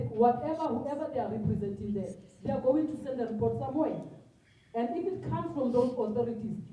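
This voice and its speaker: A South African woman speaks as a civic spokesperson at a press briefing, her delivery impassioned and emphatic with repeated phrases. She sounds set back from the microphone in an echoing room. The audio comes through somewhat dull and muffled. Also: on the high side. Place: hot indoor briefing room. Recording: roomy, distant, dull sound.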